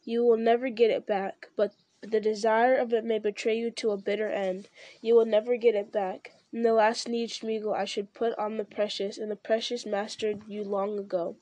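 A woman's voice: medium pitch, little pitch movement, moderate pace, mellow, dry recording, close to an everyday voice. A woman voicing a stern young male hero in an audiobook reading, speaking firmly and emphatically.

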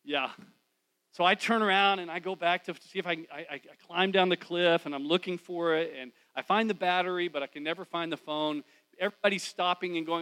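A man preaching in church as a pastor, telling a personal story in a conversational way that swings from loud to hushed. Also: on the high side, a little fast, smooth, rough recording. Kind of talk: storytelling sermon.

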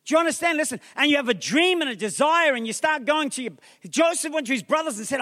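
A pastor with a strikingly high voice delivers a lively sermon, firing questions and calls at the crowd and slipping in humorous asides. He talks fast with hardly any pauses, and his voice rings with the long reverb of a big theatre hall.

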